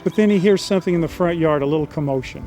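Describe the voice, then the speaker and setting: Man, slightly high voice, folksy earnest storyteller, clear music bed underneath. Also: very fast, dark tone, rough recording. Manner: folksy, earnest storyteller quoting characters plainly. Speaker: screenwriter telling his story. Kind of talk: storytelling synopsis.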